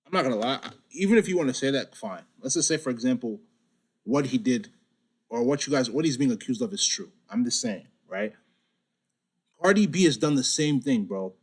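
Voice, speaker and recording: A man's voice: mid-range voice, lively intonation, fairly quick, slightly rough. A man hosting a casual podcast chat, arguing his point with pointed questions. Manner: questioning, argumentative.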